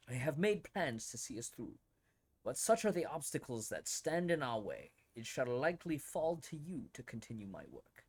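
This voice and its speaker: A man's voice: mid-range voice, a little mellow. A man reading out a solemn noble father's letter in a put-on, old-fashioned genteel Southern accent. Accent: American Southern, put on. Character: solemn aristocratic father writing his will. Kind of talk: reading a game letter aloud in a voice.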